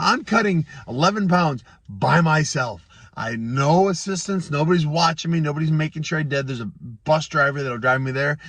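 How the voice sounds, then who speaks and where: A man with a voice of middling pitch tells a story about himself, animated and self-deprecating. His volume rises and drops as he tells it. The sound is close and dry, with no room echo. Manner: animated, self-deprecating, swings between loud and quiet. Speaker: former fighter telling a story. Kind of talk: casual storytelling.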